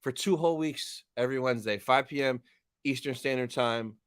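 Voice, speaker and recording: A young man hosting a live stream, reading chat and thanking viewers in an upbeat, chatty way. His voice is smooth and clear, at a middle pitch. The sound is dry and close to the microphone. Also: a little fast, fairly bright tone, no room sound.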